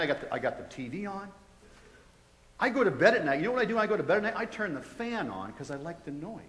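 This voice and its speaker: A man giving a testimony to students, telling it in an animated way and acting out his own reactions. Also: fairly high pitch, slight background noise. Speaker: guest speaker sharing a testimony. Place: large college hall. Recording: echoey hall.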